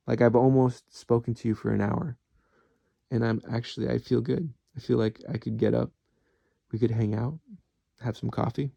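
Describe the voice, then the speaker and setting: Gravelly, dark-voiced man rambling candidly. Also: mid-range voice, dry recording. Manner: candid, rambling, swears freely. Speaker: vlogger. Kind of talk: rambling personal monologue.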